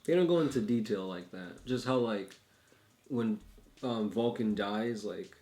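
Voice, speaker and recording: A man's voice: on the low side, measured pace, warm tone, roomy sound. Rambling young man in casual chat. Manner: loose, rambling, lots of fillers and jokes. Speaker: co-host.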